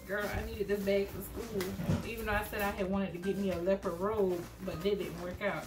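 A young woman chatting excitedly to her viewers in a casual home vlog, often calling them y'all. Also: medium pitch, moderate pace. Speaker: vlogger. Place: at home, in pajamas. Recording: echoey room with loud music behind.

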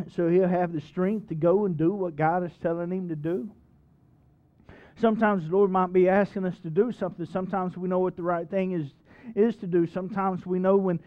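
A man's voice: high voice, narrow, tinny audio. A male pastor preaching a sermon in a church, folksy and emphatic, asking the congregation questions. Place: church sanctuary.

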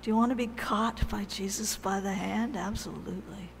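A woman preaching a sermon in a church, telling the story in a conversational, animated way with pauses. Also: medium pitch, gravelly, big-room sound, a little hiss or hum.

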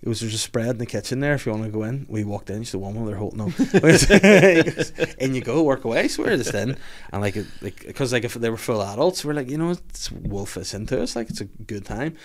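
A man's voice: medium pitch, lively intonation, brisk, slight background noise. A young man telling a swearing, laughing anecdote in casual podcast chat. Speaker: podcast guest.

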